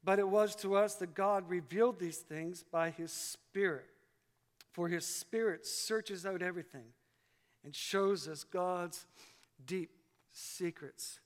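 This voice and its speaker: A man's voice: sits high, slow. A man preaching a sermon as pastor, with an emphatic, repetitive cadence. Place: church sanctuary. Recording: long hall reverb.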